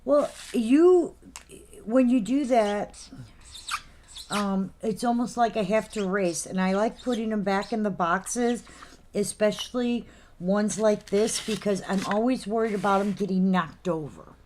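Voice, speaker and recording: A woman's voice: medium pitch, darkish tone, slight background noise. Chatty woman hosting a live sale. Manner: chatty, reads out item names and numbers slowly. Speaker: host of a live figurine sale. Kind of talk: casual live-sale chat.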